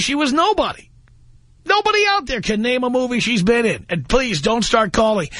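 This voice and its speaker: A man's voice: high-pitched, a bit bright, no room sound. A man hosting a call-in talk radio show, ranting bluntly and mocking callers. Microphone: studio microphone.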